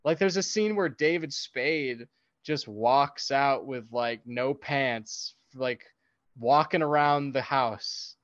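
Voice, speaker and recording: A man co-hosting a podcast, chatting casually about a movie in an animated way and laughing often. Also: slow pace, no echo, lo-fi sound. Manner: animated, acts out quotes in high silly voices, laughs often. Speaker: podcast co-host.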